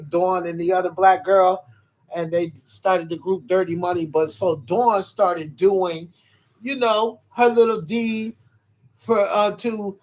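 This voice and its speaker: A man from New York chatting casually on a livestream. He rambles and swears, with lots of hesitations, and often calls out to his viewers. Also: high voice. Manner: rambling and profane, full of hesitations.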